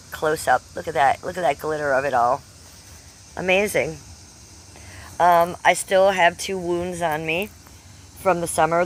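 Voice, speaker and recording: A woman in her fifties talks to her live-stream chat in a brash, salty way, answering viewers by name. Her voice sits a touch low. A faint hum of noise runs under it. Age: 50s. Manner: brash, chatty, reads out chat. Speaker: livestreamer.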